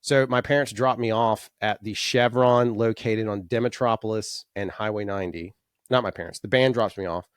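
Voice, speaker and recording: A man in his forties, a podcast guest telling rambling, animated anecdotes full of restarts. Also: fairly low pitch, moderate pace, smooth, dry recording, studio quality. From Alabama. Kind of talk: casual storytelling.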